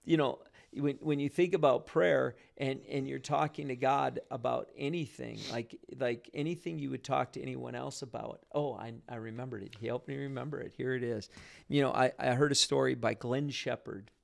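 Man with a gravelly voice. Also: mid-range voice, normal speed. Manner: animated storyteller with frequent restarts. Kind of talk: casual faith discussion.

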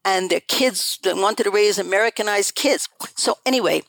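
A woman's voice: mid-range voice, normal speed, creaky, a bit bright, no room sound, poor audio. An older woman, a guest on an interview show, telling her family story in an earnest, emphatic way that repeats phrases for stress. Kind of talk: conversational storytelling.

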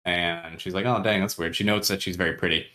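A man with a fairly low voice talks casually on his podcast, recapping a novel for a friend. He laughs often and slips into quick impressions of the characters as he retells their conversations. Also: steady tone, pushed and bright. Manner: chatty, laughs often, acts out characters' lines. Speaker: podcast co-host. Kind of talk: casual book recap chat.

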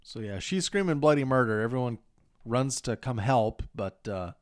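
A man's voice: mid-range voice, lively intonation, moderate pace, no echo. Easygoing guy cohosting a movie podcast, chuckles a lot, dry close mic. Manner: laid-back, chuckling, frequent agreement. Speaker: podcast co-host. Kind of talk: casual movie recap chat.

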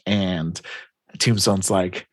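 A man's voice: sits low, steady tone, very slow, a bit bright, no echo. A man casually recapping a comic plot, rambling and acting out the lines. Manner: rambling storytelling with voiced quotes.

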